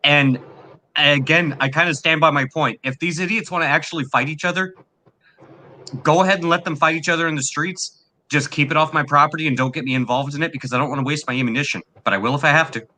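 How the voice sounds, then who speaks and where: A man's voice: on the high side, fairly even intonation, quick pace, sharp tone. A man hosting a podcast, reading viewer comments aloud and giving blunt opinions. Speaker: podcast host reading chat. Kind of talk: casual talk show banter.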